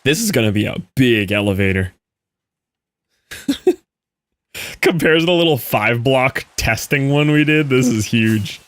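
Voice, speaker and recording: A man's voice: medium pitch, lively intonation, a little slow, long pauses, no room sound. A man streaming a game, chatting casually with viewers and answering their messages as he plays. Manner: chatty, answers chat, thinks aloud. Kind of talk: casual live-stream chat while gaming.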